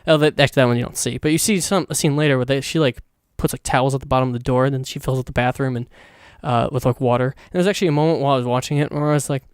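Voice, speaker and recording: A man's voice: mid-range voice, steady tone, racing, clean tone, no room sound, clean studio sound. A man hosting his own podcast, giving a casual, rambling, profane movie review full of fillers. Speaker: podcast host.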